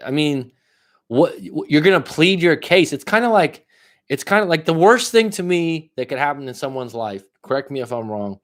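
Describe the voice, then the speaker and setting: On a livestream, a life coach hands out casual, blunt, profane advice. He talks directly to a single viewer, lurching from loud emphasis to quiet asides.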